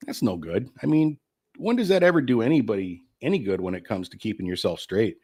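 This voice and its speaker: A man's voice: lowish voice, animated, a little fast, darkish tone, husky. A middle-aged man getting over the flu and short of breath, hosting his own live-streamed talk show in a candid, rambling way and swearing freely.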